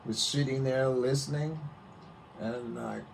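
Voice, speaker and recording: Old guy spinning a story, slow and easy, talks like a porch yarn. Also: medium pitch, fairly even intonation, creaky, a little hiss or hum, low-quality recording. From Mississippi. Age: older. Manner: unhurried, vivid storyteller. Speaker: musician guest. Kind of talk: storytelling interview.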